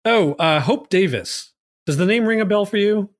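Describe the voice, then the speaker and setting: A man with a slightly higher voice rambles through a casual movie podcast, full of "like" and "um." The sound is dry and close, with no room echo. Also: expressive, normal speed. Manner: rambling, filler-heavy, lots of "like". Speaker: podcast host.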